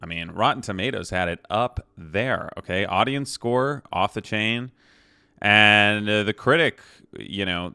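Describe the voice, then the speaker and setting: Chatty man with a bright, clear voice. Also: on the low side, no echo. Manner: rambling, chatty, many fillers and restarts, tags lines with "okay?". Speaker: movie reviewer. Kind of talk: casual spoiler-filled movie review.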